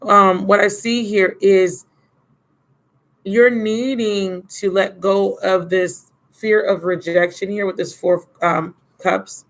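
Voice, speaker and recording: A woman's voice: mid-range voice, fairly even intonation, slow pace, rough recording. Tarot reader on a live stream: a worn-out woman, blunt and casual, with pet names for the viewer. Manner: casual and blunt, calls listeners baby and my love. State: drained and yawning.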